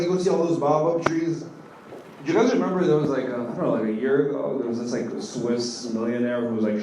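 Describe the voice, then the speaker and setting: A young man doing a stand-up comedy set on a club stage, telling loose stories full of "like" fillers and getting loud on the punchlines. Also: medium pitch. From Kenya. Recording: echoey club audio from far off, with room noise.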